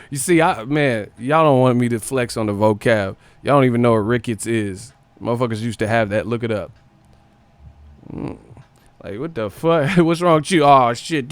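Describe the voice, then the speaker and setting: A man's voice: mid-range voice, dry recording. A man hosting a livestream, joking profanely and laughing often. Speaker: livestream host. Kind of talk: casual commentary.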